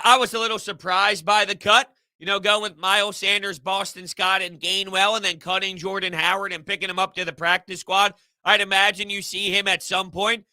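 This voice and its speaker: A man hosting a casual live sports stream, answering chat in an animated, rambling way. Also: sits high, no echo. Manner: animated, rambling, repeats himself. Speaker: sports podcast host reading live chat.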